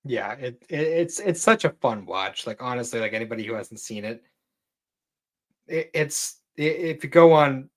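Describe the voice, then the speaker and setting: A man's voice: mid-range voice, lively intonation, normal speed. A man co-hosting a podcast in casual chat, laid-back and candid, swearing now and then, with stammered restarts and laughs. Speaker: podcast co-host.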